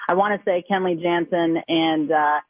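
A woman's voice: lowish voice, fairly even intonation, normal speed, dry recording. A woman sports reporter calling in to a radio interview, chatty and enthusiastic, heard over the telephone. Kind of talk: phone-in interview. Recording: tinny phone line.

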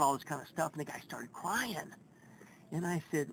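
Middle-aged coach guy telling a story, kinda high voice, folksy, faint hum behind. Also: normal speed, vocal fry, rough recording. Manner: folksy, animated storyteller who acts out quotes. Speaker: first base coach. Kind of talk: storytelling interview. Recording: faint background ambience.

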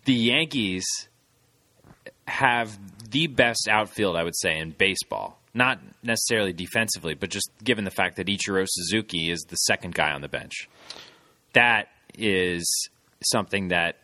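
A man's voice: low voice, moderate pace, pushed and bright, no room sound. A man co-hosting a casual sports podcast, opinionated and teasing his partner. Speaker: podcast co-host.

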